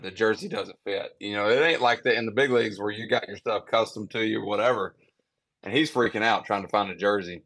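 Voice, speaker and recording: A man's voice: fairly low pitch, a bit bright. A young man chatting casually on a podcast, telling long stories full of fillers and restarts. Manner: rambling storyteller with many fillers. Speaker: guest pitcher.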